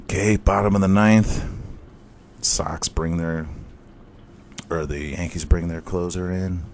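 A man with a low voice tells a story in a loose, casual way, cursing often and rushing ahead when he gets excited. It sounds like a podcast host talking freely. A faint ambient noise sits behind his voice. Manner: profane, excitable, rambling.

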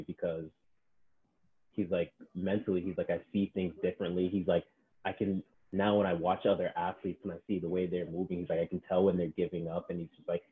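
A man who works as a personal trainer, chatting casually and acting out what his clients told him. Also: deep voice. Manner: animated storyteller, acts out clients' quotes. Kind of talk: casual podcast chat. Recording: tinny phone-like sound.

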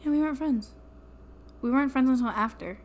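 A woman's voice: sits high, fairly quick. A young woman co-hosting a podcast in a casual chat, wry and profane as she jokes about old jobs. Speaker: podcast co-host. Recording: faint background noise.

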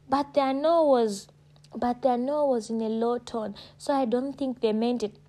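A woman vlogging casually to her viewers, emphatic and preachy, calling them sweetheart and darling and jumping up in pitch to stress her points. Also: moderate pace. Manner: animated, jumps high in pitch when stressing points. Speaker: vlogger giving advice. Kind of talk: casual direct-to-camera talk.

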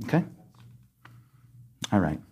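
A pastor delivering an emphatic sermon in a church, scolding and asking rhetorical questions. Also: male voice, slow, darkish tone. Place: church sanctuary.

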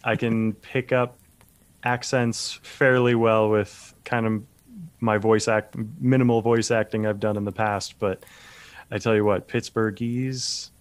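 A man's voice: on the low side, little pitch movement, a little slow, clean tone, no room sound. A man co-hosting a podcast, chatting casually and easily with some nerdy enthusiasm. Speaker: podcast co-host. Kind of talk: casual chat.

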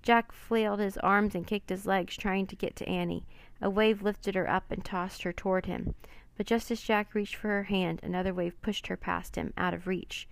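A woman reading a children's adventure book aloud with expressive, dramatic narration. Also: medium pitch, moderate pace, vocal fry. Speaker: storyteller.

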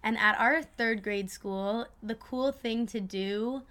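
A woman's voice: on the high side, takes it slowly, bright, forceful tone. A young woman hosting her own podcast in a casual, rambling way, restarting sentences and laughing at herself. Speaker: podcast host.

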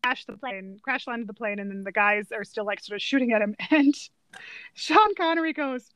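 A woman's voice: a little high, normal speed, a bit bright, no echo. A woman co-hosting a casual film chat, retelling scenes in a giggly way. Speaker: podcast co-host. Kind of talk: casual chat about films.

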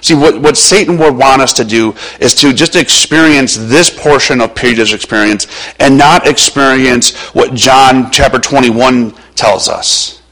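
A male pastor preaches a sermon with passion, shifting between loud urging and hushed, quiet passages, his voice slightly strained. The voice is mid-range and a little slow, and the recording is rough.

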